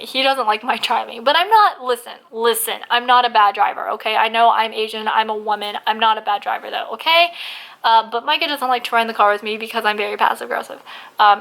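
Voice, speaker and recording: A woman's voice: on the high side, vocal fry, fairly bright tone. A woman ranting in a casual vlog, blunt and full of swearing, who says she is losing her voice. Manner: blunt, swears a lot, heavy use of "like". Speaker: vlogger.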